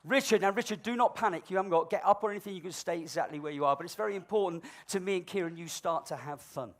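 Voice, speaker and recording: A balloon-modelling comic with a high voice rattles off rapid-fire patter to a live audience from the stage. He's cheeky and teasing, mock-dramatic, alternating loud announcing with low asides.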